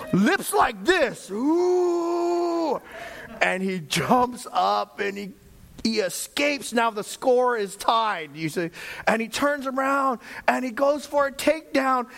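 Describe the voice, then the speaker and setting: Middle-aged male pastor, high voice, animated sermon storyteller who shouts for emphasis. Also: gravelly.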